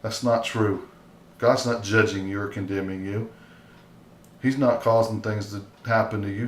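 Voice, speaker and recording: A man's voice: lowish voice, steady tone, moderate pace. A man preaching informally and earnestly, often checking in with his listeners by asking "okay?". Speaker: lay preacher. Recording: echoey room with faint hiss.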